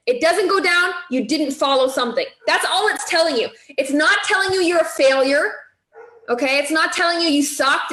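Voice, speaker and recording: A woman's voice: sits high, a bit bright, echoey room, poor audio. A woman coaching a group on weight loss in a chatty way, often checking in with "okay?" and "right?".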